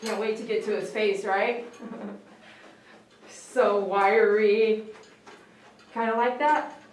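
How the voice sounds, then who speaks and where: A woman dog groomer on a live stream, speaking softly and tenderly to a dog while tearful. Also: medium pitch, fairly even intonation, takes it slowly. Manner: soft-spoken, tender talk to a dog. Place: grooming shop. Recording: very echoey room, mic far off, faint noise.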